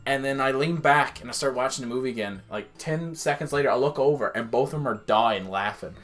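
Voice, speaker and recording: A man's voice: medium pitch, fairly quick, soft background music. A man hosting a casual podcast, telling stories with lots of swearing and acted-out quotes. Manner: animated storyteller, swears, acts out quotes. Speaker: podcast host.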